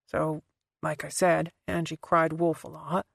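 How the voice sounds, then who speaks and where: A woman voicing a quiet, guarded man. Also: little pitch movement, creaky, husky, dry recording, studio quality, heavily acted. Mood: subdued. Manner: soft, halting, low-key delivery. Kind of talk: audiobook character voice.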